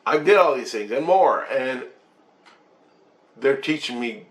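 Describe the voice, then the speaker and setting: A man talking casually to camera about his spiritual experiences, animated and swearing at times. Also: mid-range voice, slow pace. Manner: animated, swearing, quoting others in changing voices. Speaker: vlogger sharing spiritual experiences. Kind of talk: casual monologue. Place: low-income apartment.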